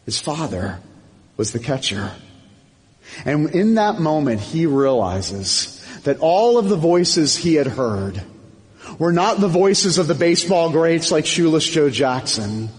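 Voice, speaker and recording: Slow, impassioned male pastor in a reverberant hall. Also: big pitch swings. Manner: impassioned, swelling louder and higher in emphatic runs. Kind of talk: sermon.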